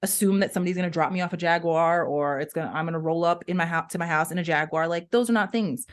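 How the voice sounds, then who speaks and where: A woman's voice: on the low side, a bit bright. A young adult woman co-hosting a podcast, chatting casually and telling stories expressively, full of "like" and "right?". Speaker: podcast co-host.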